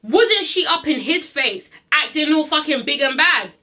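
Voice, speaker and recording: A woman's voice: high-pitched, expressive, unhurried, sharp tone. Sassy, swearing woman recapping reality TV. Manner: blunt, sassy, swears a lot, repeats for emphasis. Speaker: reality TV reviewer. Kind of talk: casual ranting recap.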